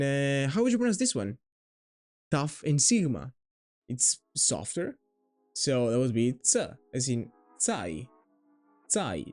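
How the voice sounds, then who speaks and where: A man's voice: fairly high pitch, darkish tone. A man giving a playful, jokey video lesson on his alphabet, swearing now and then. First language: Greek. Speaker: language teacher.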